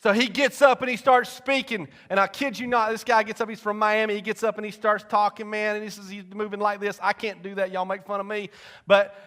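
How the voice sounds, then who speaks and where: A young man, preaching a folksy personal testimony that swings from loud to hushed. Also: sits high, little pitch movement, fairly quick. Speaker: pastor. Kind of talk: sermon testimony.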